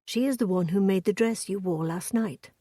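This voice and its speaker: Woman voicing a firm gentlemanly viscount. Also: medium pitch, normal speed, no echo, clean studio sound, close to an everyday voice. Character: gallant young viscount husband, firm.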